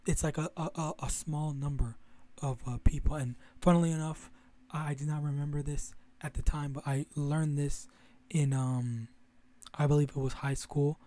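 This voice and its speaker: A man's voice: on the high side, fairly even intonation, normal speed, dark tone. A young man talking casually to his viewers in a rambling way, with many restarts and some swearing. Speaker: religious vlogger. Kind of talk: casual monologue to camera.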